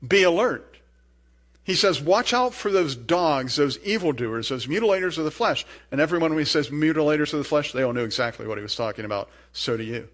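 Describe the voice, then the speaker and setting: Man, sermon, earnest, emphatic, soft asides, slightly high voice. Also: lively intonation, fast, few pauses. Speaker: pastor.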